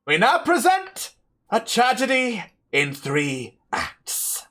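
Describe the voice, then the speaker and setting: A man's voice: extremely high pitch, wildly swooping pitch, slow, pushed and bright, pitched above the performer's own voice, exaggerated voice. A man voicing an unseen, grandiose theatre announcer who declaims in a flowery showman style.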